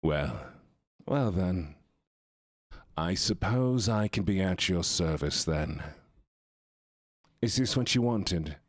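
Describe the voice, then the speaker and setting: A man's voice: low-pitched, lively intonation, slow pace, long pauses, no room sound, exaggerated voice. A man putting on a haughty British butler. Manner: mock-posh, dry, put-upon.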